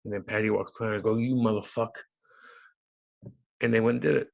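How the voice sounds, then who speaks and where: A man, a former hockey enforcer turned radio host, telling a loud, profane, animated story in an interview. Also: on the low side, very fast, gravelly. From United States.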